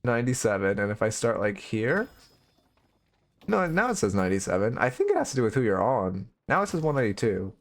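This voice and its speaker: A man's voice: mid-range voice, very animated, fairly quick. A man giving casual live-stream coaching commentary on a video game, blunt and opinionated, swearing freely.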